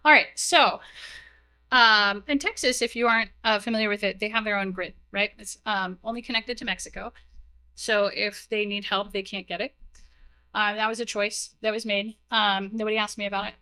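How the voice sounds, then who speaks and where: Young woman, conference speaker, casual and chatty, bright tense tone, filler-heavy, stage mic, mains hum. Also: medium pitch, fairly even intonation, normal speed, clear, resonant tone. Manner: chatty, heavy use of "like" and "um", self-deprecating asides. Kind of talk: casual technical conference talk. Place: conference room, live talk. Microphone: stage mic, moves away while walking to slides.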